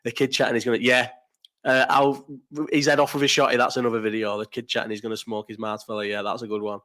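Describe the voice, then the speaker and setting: A man's voice: mid-range voice, flat delivery, fast talker, fairly bright tone. Blunt, sweary man. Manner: blunt, swearing, rambling with restarts. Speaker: live stream host. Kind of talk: casual live chat.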